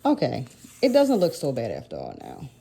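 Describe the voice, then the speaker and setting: A woman's voice: extremely low pitch, wildly swooping pitch, moderate pace, vocal fry, warm tone, slightly rough. A woman in her thirties chatting casually in a planner vlog, rambling and self-correcting as she works, laughing often. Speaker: planner vlogger.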